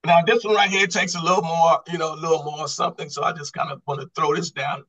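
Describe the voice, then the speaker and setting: High, bright-voiced Bible study teacher. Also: male voice, fairly even intonation, quick pace, rough recording. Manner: quizzing the class with repeated questions; restarts and repeats words when stressing a point. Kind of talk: Bible study lesson on Greek grammar.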